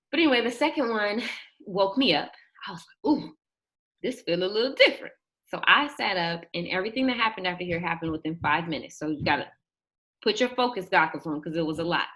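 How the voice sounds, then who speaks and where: A young woman telling a personal story in an animated way, acting out the quotes and shrieking at the high points. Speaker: guest telling her birth story.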